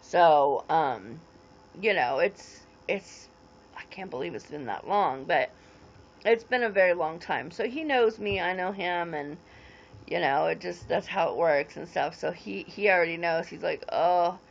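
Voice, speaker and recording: A woman's voice: fairly low pitch, animated, unhurried, vocal fry, dull audio. A woman in her forties rambling casually on a livestream, greeting viewers and answering their comments as they come in. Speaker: livestream host.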